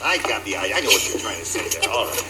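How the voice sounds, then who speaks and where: A man hosting a TV game show, teasing contestants with a jokey, drawn-out delivery. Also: on the low side, big pitch swings, very noisy. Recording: old TV broadcast with loud music.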